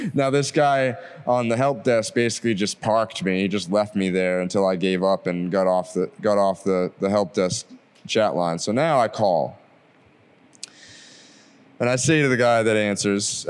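Smooth low-voiced guy telling a story. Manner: animated, acts out quoted dialogue. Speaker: delivery driver. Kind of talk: casual storytelling.

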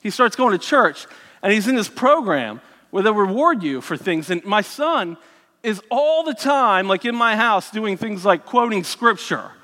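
A man's voice: high voice, expressive, measured pace, bright, forceful tone, big-room sound. A man candidly telling his personal faith story to an audience, often restarting his sentences. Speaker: speaker sharing his testimony.

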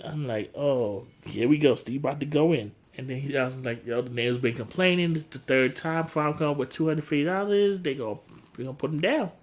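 A man, recapping a TV episode in casual chat and acting out the characters' lines with laughter. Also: fast talker. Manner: animated, acts out characters' lines with big pitch jumps and laughter. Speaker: podcast co-host recapping a TV episode.

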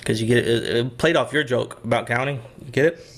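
A man in his thirties trading dad jokes in a casual chat, with a slow, drawn-out delivery and hesitant ums between jokes. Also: mid-range voice. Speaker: joke teller in a try-not-to-laugh game. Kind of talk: casual joke swapping.

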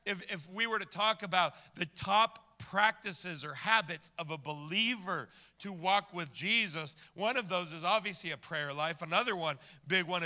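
A male pastor with a bright, high-pitched voice preaches a sermon, repeating lines over and over and swinging between loud shouts and hushed whispers. He addresses the congregation directly, tossing in quick asides and questions.

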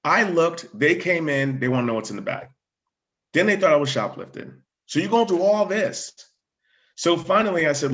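A man who works as a fire chief, telling a personal story in animated conversation, often restarting words. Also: on the high side, normal speed, lo-fi sound.

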